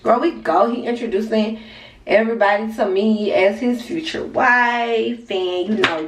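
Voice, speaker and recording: A woman's voice: on the high side, a little slow, background noise. A young woman vlogger telling a casual story, chatty and speaking straight to her viewers with side remarks. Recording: distant mic with faint music.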